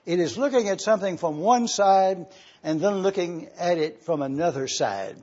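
A man preaching an expository sermon, slowly spelling out Greek words letter by letter as he teaches. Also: sits high, animated, darkish tone, lo-fi sound.

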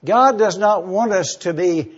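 A man teaching the Bible verse by verse, deliberate and careful, spelling out words letter by letter. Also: sits high, husky, highs cut off.

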